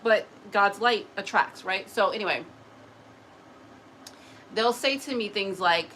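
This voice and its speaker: A tired woman speaks casually to camera in an animated, chatty way, often laughing and acting out other people's lines. Her voice sits at an ordinary middle pitch for a woman. A faint hiss of noise sits under the recording. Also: slow pace, long pauses, low-quality recording. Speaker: spiritual messenger.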